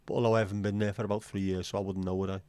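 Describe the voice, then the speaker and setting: A man's voice: on the low side, flat delivery, rapid-fire, mellow, smooth, dry recording. Joking man, dry sound. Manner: rambling, joking banter addressed to viewers. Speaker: livestream host. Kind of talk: casual livestream chat.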